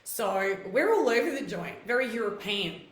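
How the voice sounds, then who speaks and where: A middle-aged woman from Greece, hosting a casual live chat and telling stories in a chatty, animated way with many fillers. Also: fairly high pitch, moderate pace, echoey room. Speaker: host.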